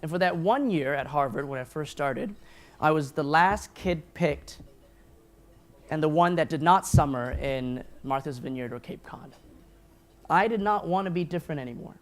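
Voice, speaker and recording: A man delivers a keynote speech at a lunch gathering. He tells a personal story earnestly and pokes fun at himself. His voice sits a little high and is picked up by a podium microphone. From grew up in Taiwan, New Zealand and the United States. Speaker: keynote speaker. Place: event hall at a lunch gathering.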